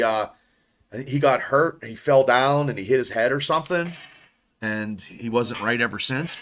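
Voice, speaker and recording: A man's voice: medium pitch, a bit bright. A man in his fifties from western Pennsylvania, telling stories in a rambling way during a casual sports chat. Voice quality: storytelling, rambling with repeats.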